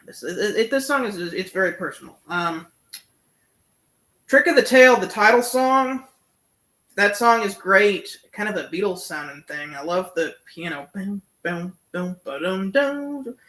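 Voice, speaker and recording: A man's voice: high voice, animated, unhurried, bright, forceful tone. A young man giving a casual, enthusiastic album review, full of fillers and humming along to the songs. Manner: enthusiastic, many fillers, hums and sings along. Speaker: music reviewer.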